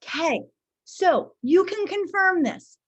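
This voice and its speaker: A high-pitched woman presents a workshop, chatty and expressive, with a frequent "okay?" to check that listeners follow along. The audio is a little dull and lo-fi. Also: slow. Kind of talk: online training presentation.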